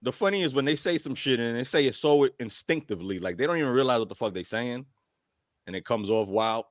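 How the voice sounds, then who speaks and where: A man co-hosting a reaction show, talking casually in lively slang. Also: mid-range voice, fast talker, no echo, studio quality. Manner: lively, slangy, laughs often.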